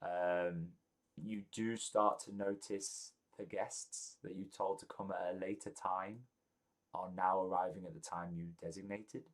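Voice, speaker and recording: A man running a tabletop role-playing game, narrating scenes with a somewhat low voice. He pauses often with ums and restarts sentences. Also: level tone. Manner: halting, many ums and restarts. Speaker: game master.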